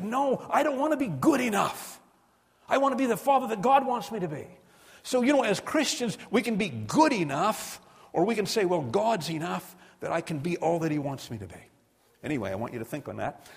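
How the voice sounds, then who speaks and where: Husky preacher in a reverberant hall. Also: male voice, sits high. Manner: storytelling, asks the listeners questions; reads scripture aloud, drops to a hush for prayer. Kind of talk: sermon.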